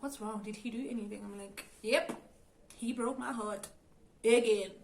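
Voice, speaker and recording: Young south african woman doing a storytime vlog, talks right to the camera, acts out her own thoughts, middle-pitched voice. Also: measured pace, long pauses, darkish tone, a little hiss or hum, poor audio. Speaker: YouTuber.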